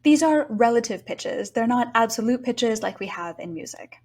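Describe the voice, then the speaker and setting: A bicultural Japanese woman, a language teacher, explaining pronunciation in a clear, explanatory lesson. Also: on the high side, animated, normal speed, a little mellow.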